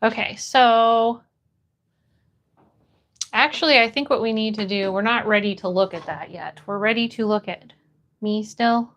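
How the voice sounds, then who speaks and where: A young woman chatting casually on a live stream, reading chat aloud and greeting viewers with bright, bubbly hellos. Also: medium pitch, measured pace, long pauses.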